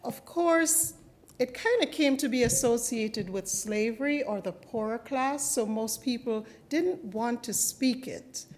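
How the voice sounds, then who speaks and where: A woman speaks to a gathered audience in a library hall. Her voice sits a little high, and she keeps things chatty and explanatory, asking the crowd questions as she goes. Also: unhurried, a little mellow. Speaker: guest poet. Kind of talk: talk to a live audience.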